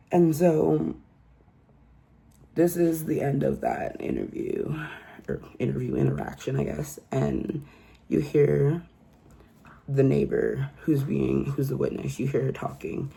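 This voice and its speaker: A woman's voice: sits low, a little slow, creaky, mellow, slightly rough. A woman hosting a casual true crime recap and telling the story in a chatty, incredulous way.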